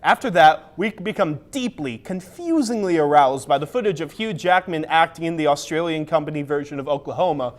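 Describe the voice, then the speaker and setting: Theatrical high-voiced young man. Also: brisk, few pauses. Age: young adult. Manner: mock-grandiose, theatrical. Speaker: student show presenter. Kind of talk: comic scripted monologue.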